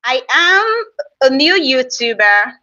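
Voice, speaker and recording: Female live-stream host, Nigerian accent, high bright voice, unhurried teasing chat, lo-fi stream audio. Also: sing-song, far from the mic. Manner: chatty, teasing, reads viewer comments aloud. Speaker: YouTube creator hosting a live stream. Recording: slightly dull lo-fi stream audio.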